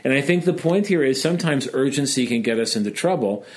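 A man's voice: mid-range voice, lively intonation, fast. A man from Chicago hosting a casual discussion, talking in a chatty, joking way and retelling a story. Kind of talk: casual discussion of Jewish texts.

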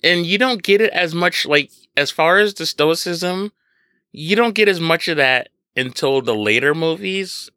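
A man co-hosting a casual film review podcast, animated and joking, with playful mock impressions. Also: on the high side, measured pace, no room sound, clean studio sound. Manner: animated, laughs often, does mock impressions. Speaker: podcast co-host.

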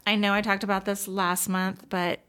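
Woman cohost chatting about tv, super enthusiastic, lots of likes, mid pitch. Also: little pitch movement, normal speed, a bit bright, clear, resonant tone. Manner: chatty and enthusiastic, many fillers. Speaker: podcast co-host. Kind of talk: casual chat about TV shows.

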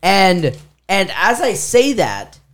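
Man, podcast co-host, lively storyteller, swinging pitch, does voices in his anecdotes. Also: slow. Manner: animated, acts out quoted voices, laughs mid-story. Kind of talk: casual storytelling chat.

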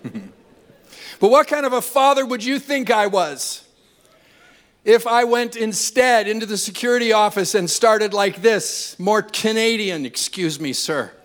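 An older man preaching a sermon, telling funny family stories and building to loud, impassioned appeals. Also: high-pitched, a little slow. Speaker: pastor. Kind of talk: sermon with humorous storytelling.

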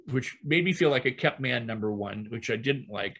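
Older man telling lively teaching stories. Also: mid-range voice, normal speed. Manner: lively storyteller who repeats and builds phrases. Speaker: guest, hypnotist and trainer.

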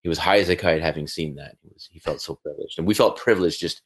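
A man in casual chat, an animated storyteller who often repeats words as he recalls an old prank. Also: extremely low pitch, quick pace, breathy edge.

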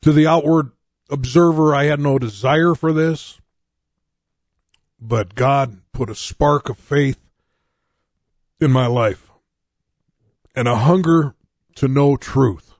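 A pastor in his sixties from North Dakota tells his own story from the pulpit in a loose, conversational way, restarting his sentences and poking fun at himself. His voice sits at an ordinary pitch for a man. The recording is dry and close, with little room sound. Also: slow, long pauses, a little mellow, dry recording. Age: 60s. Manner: candid and conversational, with frequent restarts and wry self-mockery. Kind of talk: personal testimony in a sermon.

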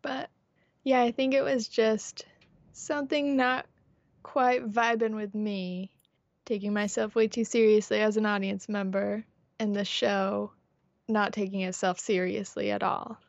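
A woman's voice: medium pitch, little pitch movement, unhurried, vocal fry, no echo, lo-fi sound. A woman co-hosting a podcast in casual chat, playful and laughing often. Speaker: podcast co-host.

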